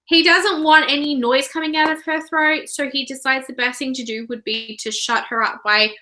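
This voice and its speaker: A woman with an Australian accent and a high voice hosts a casual book discussion, chatty and giggly as she animatedly retells the story. She speaks at normal speed, and the recording is rough. She is a book reviewer and channel host.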